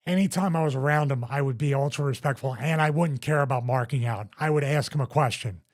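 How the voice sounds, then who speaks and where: A man's voice: mid-range voice, quick pace. A man hosting a wrestling podcast, telling backstage stories in casual chat with lots of restarts. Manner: rambling, animated storyteller with frequent restarts.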